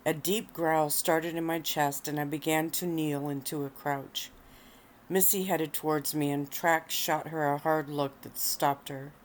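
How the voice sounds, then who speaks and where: Low-voiced woman reading her story softly. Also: a little hiss or hum. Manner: soft, unhurried and relaxed. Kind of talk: relaxed read-aloud storytelling. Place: at home, lying on a bed of pillows.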